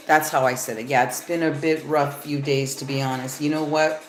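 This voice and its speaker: A woman's voice: low voice, a little fast, hardly any pauses. A woman giving a casual live-stream tarot reading, rambling and swearing freely as she talks to her viewers. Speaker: tarot reader. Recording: echoey room with faint music.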